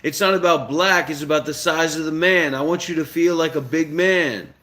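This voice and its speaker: A man's voice: on the high side, normal speed, a bit bright. A man in casual banter with a voice assistant, pushy and crude, repeating his demands and coaxing. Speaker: host.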